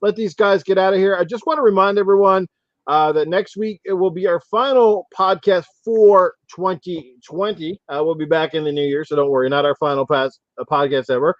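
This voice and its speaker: A man hosting a gaming podcast, swearing a lot and getting excited. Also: high voice, a little fast, no echo, lo-fi sound. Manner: profane, excitable, laughing easily. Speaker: podcast host. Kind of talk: casual podcast chat.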